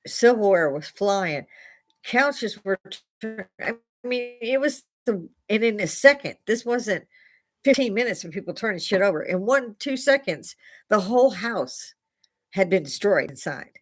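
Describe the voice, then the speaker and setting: A woman's voice: medium pitch, animated, a little slow. An older woman hosting a casual livestream from a bar, slightly tipsy, rambling through stories with frequent laughs and swearing. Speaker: livestream host.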